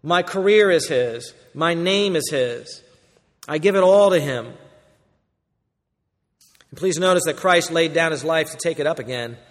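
Pastor, male, high voice, emphatic sermon delivery, long hall reverb. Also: measured pace, pauses often. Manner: emphatic, swings between loud and quiet.

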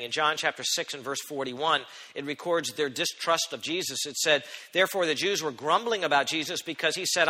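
Bright-voiced preacher man in a reverberant hall. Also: a little high. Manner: expressive, rising to loud emphatic quotes and dropping to quiet asides. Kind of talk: sermon.

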